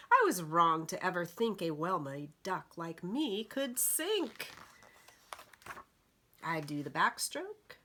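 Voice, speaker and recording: Give me a gentle woman reading picture books to toddlers, unhurried. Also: medium pitch. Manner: gentle, expressive storyteller for toddlers. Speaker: children's librarian.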